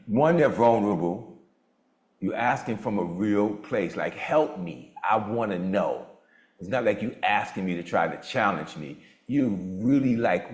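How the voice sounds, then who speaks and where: A man in his sixties hosting a motivational group on a video call, talking with a lively preacher-like cadence. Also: roomy sound. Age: 60s. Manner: animated preacher-like cadence, swoops in pitch. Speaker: mastermind group host.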